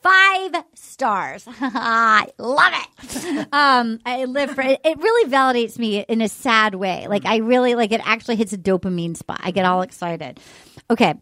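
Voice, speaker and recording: A woman's voice: a little high, expressive, a little slow, pushed and bright, no echo, studio quality. A woman hosting a podcast, chatty and gushing as she reads listener mail. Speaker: podcast host. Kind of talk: casual chat.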